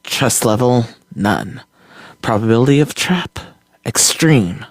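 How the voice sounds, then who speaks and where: A reader voicing a tough male agent who rattles off a clipped, deadpan risk checklist in a sci-fi story reading. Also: medium pitch, slow pace, dry recording, pitched below the performer's own voice. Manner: deadpan, clipped, military-style.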